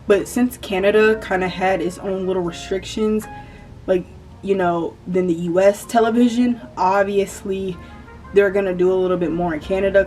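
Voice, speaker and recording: A woman's voice: mid-range voice, a little mellow, distant mic. Chatty woman with a country accent. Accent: Southern US country. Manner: chatty, rambling, self-correcting. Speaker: YouTuber. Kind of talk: casual commentary vlog. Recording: voice a bit off-mic with faint music.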